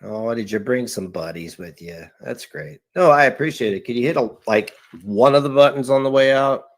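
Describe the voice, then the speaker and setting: A man's voice: medium pitch, moderate pace. A man in a clip from a livestream, lecturing the other person confrontationally. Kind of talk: livestream talk, played clip.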